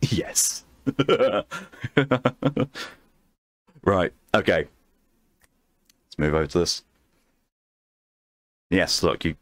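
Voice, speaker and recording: A man streaming a game late at night, chatting calmly with his chat and answering messages in a soothing tone. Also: sits low, drawn-out words, long pauses, no echo, studio quality. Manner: calm, soothing voice meant to lull viewers to sleep.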